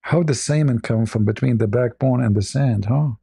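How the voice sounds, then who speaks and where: Sarcastic man with a husky voice. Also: mid-range voice, normal speed, dark tone, no room sound, clean studio sound. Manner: sarcastic, mocking. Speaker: livestream host. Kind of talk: mocking commentary.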